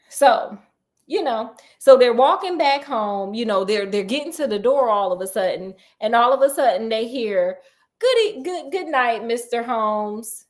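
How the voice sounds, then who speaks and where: A young woman casually retelling a classic detective story, animated and slangy, laughing often. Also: fairly high pitch, normal speed. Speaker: podcast storyteller.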